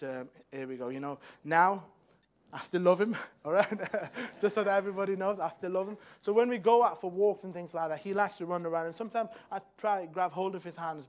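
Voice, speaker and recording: A young man preaching a sermon in a church, moving from hushed personal storytelling to loud, fervent exhortation. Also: high-pitched. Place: church hall.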